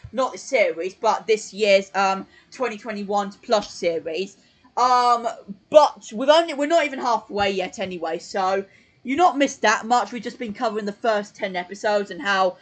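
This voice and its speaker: Rambling man commentating. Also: sits high. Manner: rambling, self-mocking, many ums. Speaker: YouTube creator. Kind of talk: live-stream commentary.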